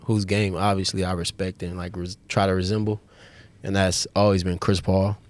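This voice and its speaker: A man guest on a sports podcast, chatting casually in a laid-back way, often pausing with fillers as he thinks. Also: low voice, level tone. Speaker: basketball player guest.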